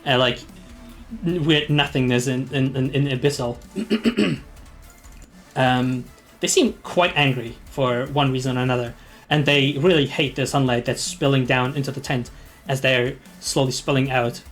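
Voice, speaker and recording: A man's voice: mid-range voice, moderate pace, soft background music. A man narrating a tabletop game as game master, hesitant and full of ums and restarts.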